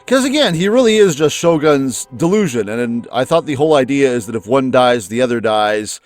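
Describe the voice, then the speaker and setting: A man hosting a let's play, chatting and musing about the story before playing, his pitch jumping up often. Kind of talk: casual commentary before a game. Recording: faint music underneath.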